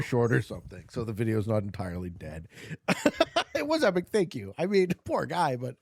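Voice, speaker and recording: A man streaming a strategy board game, chatting casually with viewers and swinging from low murmurs to loud shouts. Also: big pitch swings, a little fast, gravelly, no echo, studio quality. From Canada.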